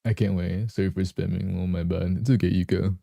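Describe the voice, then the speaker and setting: A young man chatting casually with viewers on a live stream, clearing a morning voice from his throat. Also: low-pitched, steady tone, brisk, warm tone, dry recording, studio quality. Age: young adult.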